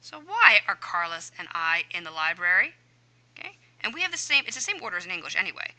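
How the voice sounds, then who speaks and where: A woman Spanish teacher explaining a homework answer key, chatty and thinking out loud as she works through each question. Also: fairly low pitch, big pitch swings, quick pace, low-quality recording. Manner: chatty, talks herself through each step aloud.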